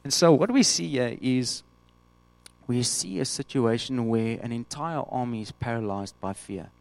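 A man preaching a sermon, animated, acting out the voices of the people he quotes. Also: medium pitch.

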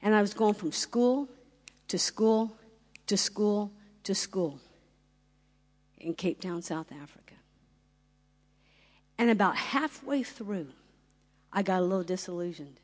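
A middle-aged woman giving a fervent sermon-style testimony, building to loud rising climaxes and acting out dialogue. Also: mid-range voice, animated, slow, pauses often. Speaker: ministry founder and speaker. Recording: long hall reverb.

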